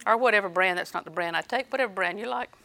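A middle-aged woman preaching a sermon in an animated way, acting out little scenes and laughing. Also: mid-range voice, racing, gravelly, slight background noise.

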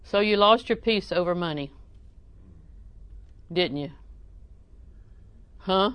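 A woman's voice: on the low side, lively intonation, takes it slowly, clean tone, no echo. Folksy woman preacher. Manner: folksy, humorous, chuckles often, bursts into loud acted exclamations. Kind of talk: sermon.

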